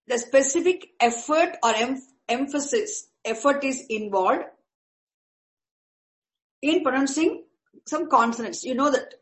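Slow, patient woman teacher. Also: high voice, animated, low-quality recording. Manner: patient, repeats and restarts while explaining terms. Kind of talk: lecture on Vedic chanting.

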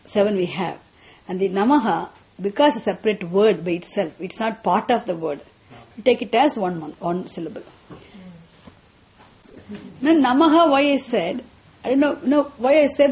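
A woman teaches a class on mantras in a mellow, dark-toned voice. She explains step by step, often repeating herself, and slows into chanting. Her pitch sits in an ordinary middle range. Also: lively intonation. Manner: patient, repeats and restarts, chants slowly.

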